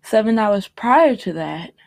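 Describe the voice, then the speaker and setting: A young woman on a podcast telling a personal story about grief, halting and reflective, with pauses and restarts. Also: mid-range voice, lively intonation, gravelly. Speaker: podcast guest.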